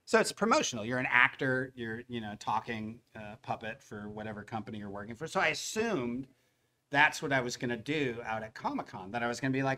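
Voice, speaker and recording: Animated male storyteller at a panel. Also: medium pitch, a little fast. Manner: animated, acts out the other people's lines in the story. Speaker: voice actor at a fan convention panel. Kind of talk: anecdotal storytelling to a live audience.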